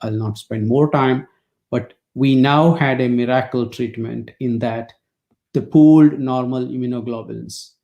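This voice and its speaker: Gravelly, mellow-toned man lecturing. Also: mid-range voice, fairly even intonation, a little slow, lo-fi sound. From India. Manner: anecdotal, wry, with frequent fillers. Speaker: immunology lecturer. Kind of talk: storytelling webinar lecture.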